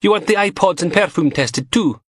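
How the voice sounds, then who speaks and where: A male narrator voicing a punky young female forensic technician who teases in a dry, deadpan way. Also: sits high, normal speed, no echo, pitched above the performer's own voice. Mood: teasing.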